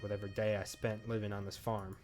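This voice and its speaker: A man voicing a hard-bitten woman farmer who narrates her past in a dry, world-weary tone. The voice sits low and unhurried, read aloud from a story game with faint music behind. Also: level tone, a little mellow, close to an everyday voice. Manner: dry, world-weary, folksy drawl in phrasing. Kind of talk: reading game dialogue aloud.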